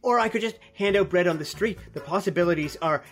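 A woman's voice: lowish voice, fast. A young woman acting an eager, flustered novice baker in a comedy, tumbling over her words. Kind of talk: comedic radio drama acting.

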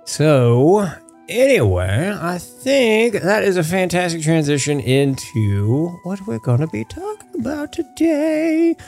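Podcast host goofing around, voice all over the place pitch-wise. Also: sing-song, slow, darkish tone, soft background music. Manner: playful, full of fillers. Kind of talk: casual podcast chat.

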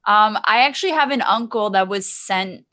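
A young woman, a podcast co-host and guest, talking in a chatty, animated way with lots of "like". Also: medium pitch, moderate pace, no echo. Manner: chatty, animated, uses "like" a lot. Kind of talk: casual chat.

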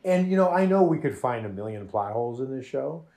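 A man in casual podcast chat, talking about a TV show at a middle pitch. He is animated and restless, often restarting sentences and laughing. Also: fairly quick, creaky.

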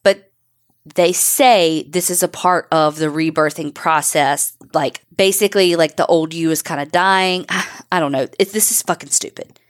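A woman's voice: low voice, measured pace. A woman co-hosting a podcast, telling a true crime story casually and bluntly, reading out quotes and swearing along the way.

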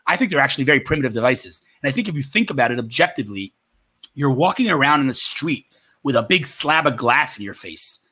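Male guest, from Israel, quick and lively delivery, bright, slightly husky voice. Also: medium pitch. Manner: rapid, animated storytelling. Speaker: guest entrepreneur. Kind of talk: casual interview talk.

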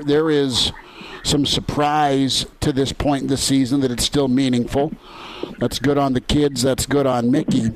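Jovial radio host rambling from home. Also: male voice, mid-range voice, slight background noise, poor audio. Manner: rambling, stumbling restarts, jovial. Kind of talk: casual sports radio chat. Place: his home kitchen.

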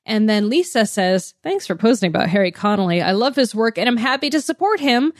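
A woman's voice: a little high, expressive, a little fast, no echo, studio quality. A woman co-hosting a podcast, chatting casually and laughing often as she reads out listener comments. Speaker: podcast co-host. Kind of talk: casual chat.

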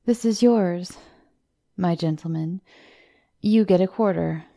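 Woman voicing a soft, soothing young woman. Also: on the low side, slow pace, vocal fry.

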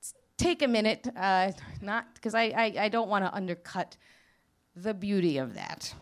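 A woman's voice: mid-range voice, normal speed. A middle-aged woman from Queens with a New York accent, telling a candid, profane story on stage, full of restarts. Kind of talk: live storytelling monologue.

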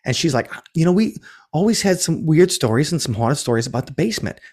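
A man's voice: fairly high pitch, lively intonation, fast, a little mellow. A man who runs ghost tours, telling a story in a casual interview, rambling and restarting, acting out what people said. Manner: rambling, self-correcting, acts out quotes. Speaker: ghost tour operator.

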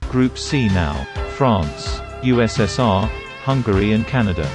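A man reading out results in a deadpan voice with dry humour. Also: lowish voice, measured pace. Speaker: podcast segment reader. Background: music.

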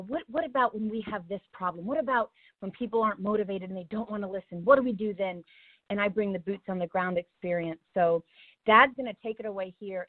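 A woman's voice: on the low side, dry recording. A woman co-presenting a webinar, bubbly and playfully teasing as she hands over to the next speaker. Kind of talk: webinar introduction. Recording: dry, tinny phone-like audio.

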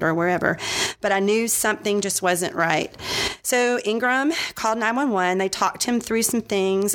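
A woman telling a personal testimony in a casual, self-deprecating way, with frequent "um" pauses and restarts. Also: mid-range voice, fairly bright tone. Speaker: speaker sharing a personal testimony.

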